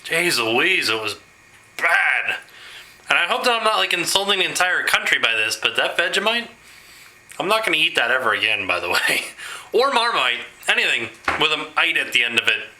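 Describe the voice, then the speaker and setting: A man talking in a rambling, animated way in a casual home video blog, quick to laugh. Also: a little high, low-quality recording. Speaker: vlogger. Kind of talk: casual vlog chat.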